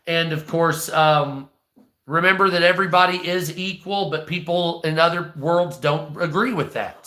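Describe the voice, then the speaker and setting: A man with a hoarse, strained voice, talking bluntly and profanely in a rambling vlog monologue. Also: fairly high pitch, sharp tone, echoey room. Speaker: online video creator. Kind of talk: casual ranting monologue.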